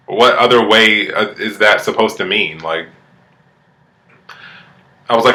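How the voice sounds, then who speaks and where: A man rattles through a reality TV recap in a bright, forceful voice, sassy and full of swearing. His voice bounces around an echoey room. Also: fairly low pitch, normal speed. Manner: profane, animated, sassy. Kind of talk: casual recap commentary.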